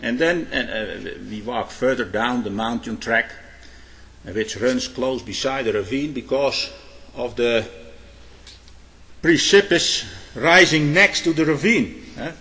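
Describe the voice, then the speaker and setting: A man preaching a sermon. He tells illustrative stories, pauses on hesitations, and keeps adding a questioning "eh?". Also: mid-range voice, bright, forceful tone. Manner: frequent "eh?" tag questions, halting restarts. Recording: long hall reverb.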